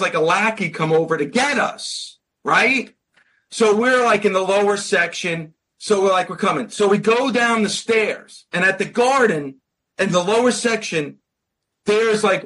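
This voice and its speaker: A man on a podcast telling a rambling anecdote in casual chat, acting out the quoted dialogue. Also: high-pitched. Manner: animated anecdote-teller, acts out quoted dialogue. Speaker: podcast co-host or guest. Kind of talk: casual storytelling.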